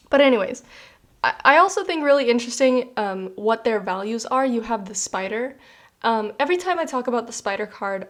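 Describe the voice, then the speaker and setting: A young woman talks through a pick-a-card tarot reading in a loose, chatty way. Her speech is animated and full of fillers, and she laughs easily. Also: mid-range voice. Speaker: tarot reader.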